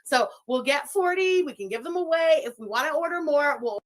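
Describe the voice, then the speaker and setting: A woman in a played clip, gushing and rambling excitedly and swearing as she talks. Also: high-pitched, fairly quick, voice pushed up.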